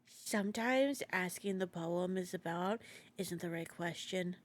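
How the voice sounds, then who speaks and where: A woman voicing a calm, soft-spoken teenage girl who leads a school club, reading game lines in a slow, hushed, half-whispered delivery. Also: on the low side, very noisy, close to an everyday voice. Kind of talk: reading game dialogue aloud.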